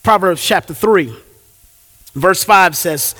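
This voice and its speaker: A male pastor preaching a sermon, with animated delivery and drawn-out emphatic phrases. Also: high-pitched, in a large hall.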